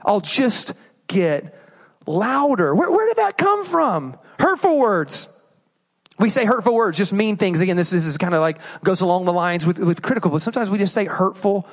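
A man preaching a sermon, asking rhetorical questions and acting out inner voices. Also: sits high. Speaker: pastor.

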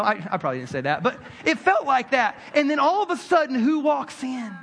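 Animated high-voiced preacher in a hall. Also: male voice, gravelly. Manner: animated storytelling, swings from loud to hushed. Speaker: pastor. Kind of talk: sermon.

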